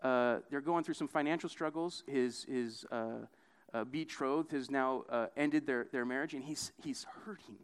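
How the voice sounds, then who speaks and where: A young preacher with a clear, resonant voice speaks at a moderate pace in a casual sermon. He keeps asking "right?" and acts out quotations with big jumps in pitch.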